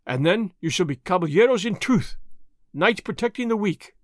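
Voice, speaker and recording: A man reading aloud from a storybook gives voice to a daring masked highwayman, scornfully lecturing from on high. Pitched high and lively with wide pitch movement, he keeps a moderate pace and a commanding tone, recorded close and dry without echo.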